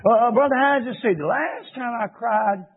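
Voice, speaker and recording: A man voicing an imagined sentimental churchgoer who drags out a self-pitying lament. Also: very high-pitched. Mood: mawkish. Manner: mawkish, drawn-out complaining. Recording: tinny phone-like audio.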